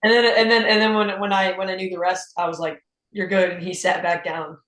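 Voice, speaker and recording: A man's voice: high-pitched, fairly quick. Casting: teen boy guitarist, laid-back interview guest, echoey room. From United States. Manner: relaxed, chatty, with repeated restarts. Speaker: young blues guitarist, guest. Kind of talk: casual interview chat.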